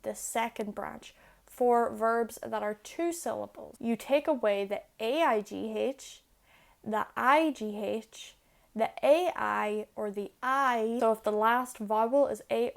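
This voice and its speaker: A young woman explaining grammar step by step, patient and clear, in a video lesson. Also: on the high side. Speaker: Irish language teacher.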